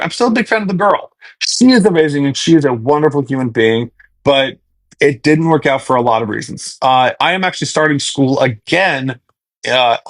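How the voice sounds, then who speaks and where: A young man in his twenties talks casually to his followers, his voice sitting a bit higher than most men's. He rambles, wanders off on tangents and keeps restarting his sentences. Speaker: social media personality answering followers. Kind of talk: casual chat straight to followers.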